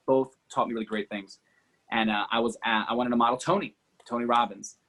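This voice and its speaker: A man who is a guest on a podcast, telling a personal story as an energetic, fast-talking storyteller with many fillers like "you know" and "like". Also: medium pitch. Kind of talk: animated storytelling in an interview.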